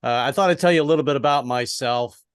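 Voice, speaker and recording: A middle-aged American man doing an online stand-up set, halting and restarting, with deadpan punchlines. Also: medium pitch, smooth, no room sound, clean studio sound. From American East Coast. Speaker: stand-up comedian. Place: home in Brooklyn, online show.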